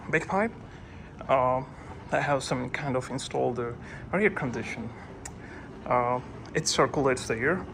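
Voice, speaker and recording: A man's voice: mid-range voice, gravelly, a bit bright, a little hiss or hum. A man narrating a casual walking tour vlog, talking to viewers with many hesitant fillers, recorded on a handheld phone. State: breathing heavily while climbing. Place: old fort, indoors and out.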